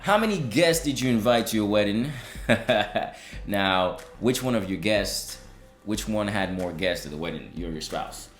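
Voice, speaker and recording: A young man co-hosts a couple's vlog, chatting casually and playfully and laughing often. His voice sits on the low side with lively intonation and a normal speaking speed. The recording is reverberant, with faint music in the background.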